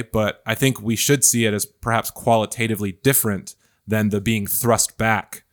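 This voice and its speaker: A man hosting a Bible study discussion, thoughtful and hesitant, with many fillers and restarts. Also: lowish voice. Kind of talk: casual discussion.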